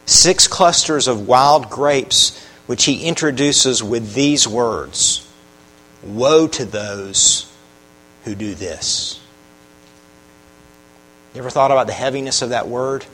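A man's voice: medium pitch, measured pace, fairly bright tone, rough recording. A man preaching a sermon, earnest, often putting questions to the congregation. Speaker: pastor.

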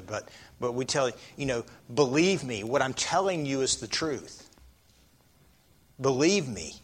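Bright-voiced man preaching a sermon. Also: mid-range voice. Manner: asks the listeners rhetorical questions.

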